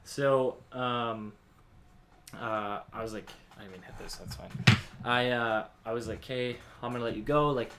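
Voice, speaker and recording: A man's voice: mid-range voice, steady tone, moderate pace, background noise. A young man hosting a casual podcast at home, telling a story in a rambling way with lots of fillers. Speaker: podcast host. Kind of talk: casual chat. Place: home with dogs. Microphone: podcast mic with headphones.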